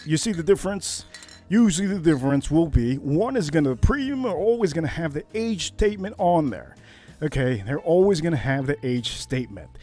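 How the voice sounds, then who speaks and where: A man's voice: a little high, fairly quick, soft background music. A man hosting a casual whiskey livestream, rambling between topics and getting worked up as he talks. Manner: rambling, animated, gets worked up. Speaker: livestream host. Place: Miami Beach.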